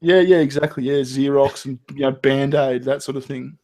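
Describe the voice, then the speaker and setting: A man's voice: mid-range voice, fairly even intonation, moderate pace, darkish tone. Swearing Australian man hosting a chat. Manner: swearing, stammering restarts. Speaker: podcast host. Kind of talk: casual chat.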